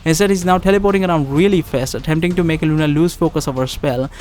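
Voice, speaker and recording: A man's voice: on the high side, quick pace, darkish tone, slight background noise. Man playing through a text game aloud. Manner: reads with asides, laughs and restarts. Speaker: gamer reading aloud.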